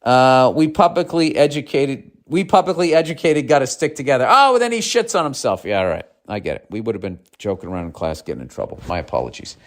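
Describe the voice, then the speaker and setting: Brief: male comedy podcaster, profane and sardonic monologue, mid-pitched voice. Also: expressive, fast, hardly any pauses. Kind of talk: ranting monologue, reading listener mail.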